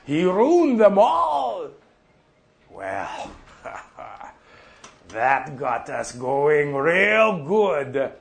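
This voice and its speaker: An actor playing an older farmer off the drink who tells profane, folksy stories. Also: male voice, on the high side, huge pitch swings, drawn-out words, gravelly, pauses often, full character voice. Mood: rambling. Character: older male prairie farmer off the drink, gruff storyteller. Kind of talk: monologue.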